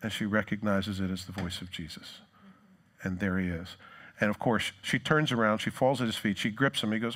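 A man's voice: on the low side, a little fast. Storytelling male pastor preaching. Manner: animated storytelling, acts out quoted lines. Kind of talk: sermon.

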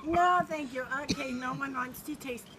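Her pitch is high and her pace moderate, not far from how she normally talks. The grandmother is clowning through a pretend cooking demo as a well-known TV chef, all flutters and exclamations while ordering her kitchen helper about, with loud noise behind her on the home video.

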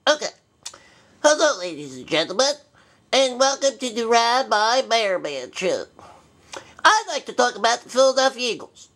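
A man's voice: very animated, moderate pace, pauses often, pushed and bright, exaggerated voice. A man voicing a forgetful, cranky old male bear rabbi who hosts a puppet comedy show, bumbling and stubborn. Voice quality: high-pitched, bumbling and cranky. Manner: forgetful, stubborn, easily flustered. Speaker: show host.

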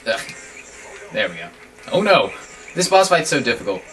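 A man casually commentating while he plays a video game, chatty and joking with sudden excited yelps. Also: mid-range voice, moderate pace, slight background noise. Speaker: guest player commentating. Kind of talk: casual let's-play commentary. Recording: from a distance with game music behind.

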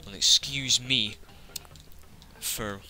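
A man's voice: medium pitch, drawn-out words, bright, forceful tone, a little hiss or hum. A man giving casual let's-play commentary, full of sarcastic, joking asides to the game.

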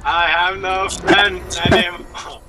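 A man, trash-talking in a rowdy gaming voice chat, excitable and mock-angry, often cursing. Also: slow pace, very noisy. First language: Danish. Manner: excitable, swearing, mock-angry, squeaky outbursts. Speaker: gamer.

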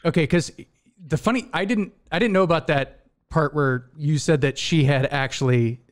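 A man's voice: fairly high pitch, normal speed. A man hosting a casual podcast chat, encouraging his guest and rambling through his own memories with frequent restarts. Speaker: podcast host.

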